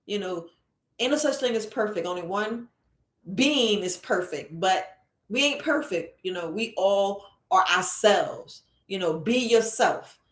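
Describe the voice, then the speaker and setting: A woman's voice: mid-range voice, lively intonation, measured pace. A woman herbalist hosting a casual live stream, giving a repetitive, preachy motivational talk and calling her viewers family, from a computer across the room. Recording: roomy echo.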